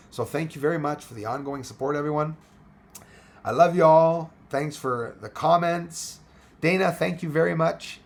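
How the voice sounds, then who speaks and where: A man hosting a livestream and chatting casually through viewer comments. His voice is hoarse, and he rambles with many fillers and restarts. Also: medium pitch. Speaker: livestream host.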